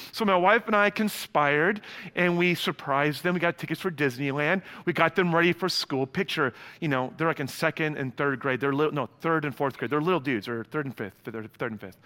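Bright-voiced male pastor in reverberant hall. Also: on the high side. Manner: lively storytelling with humor, casual asides. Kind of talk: sermon.

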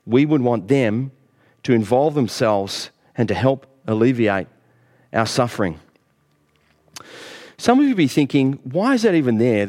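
A man's voice: mid-range voice, a little mellow. A middle-aged man preaching a sermon as pastor, earnest, lifting his voice on key phrases.

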